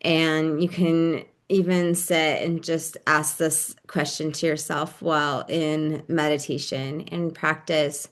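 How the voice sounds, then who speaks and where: A woman giving a calm, gentle wellness lesson in a casual, explanatory way, with frequent fillers. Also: low-pitched, slow pace, hardly any pauses. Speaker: wellness teacher. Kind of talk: casual instructional talk.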